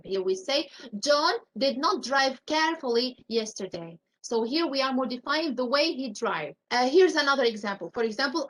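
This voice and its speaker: A woman with a high voice teaches a live English grammar lesson. She walks through each rule step by step with example after example and keeps asking the class questions. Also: a bit bright, low-quality recording.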